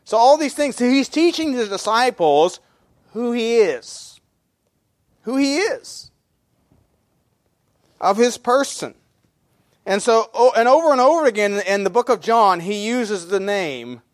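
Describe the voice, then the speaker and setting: High-voiced man preaching a sermon. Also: animated, normal speed, dry recording, studio quality. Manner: reads scripture in old English then explains it in plain talk; frequent fillers and repeated words between verse references. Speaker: pastor.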